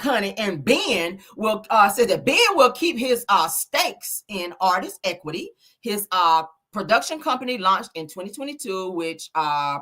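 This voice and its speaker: A woman's voice: medium pitch, sharp tone, slightly rough. A woman hosting a casual celebrity gossip show, sassy and profane, calling listeners honey and child.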